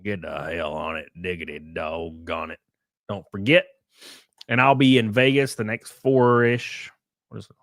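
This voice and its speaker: A man's voice: low-pitched, fairly even intonation, measured pace, a bit bright, dry recording, studio quality. A man hosting a casual live stream, joking and rambling as he thanks viewers. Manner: joking, rambling, often laughing.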